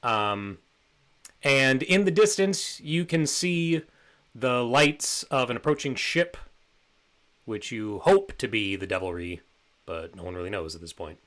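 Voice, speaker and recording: A man serves as game master for a tabletop game, narrating in a relaxed, rambling way full of fillers. His voice sits in the mid range and moves a little slowly.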